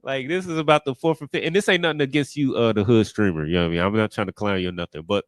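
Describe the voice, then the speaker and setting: A man's voice: mid-range voice, very fast, no room sound. A man teaching a scripture class in a casual, conversational way, often repeating "you know what I mean".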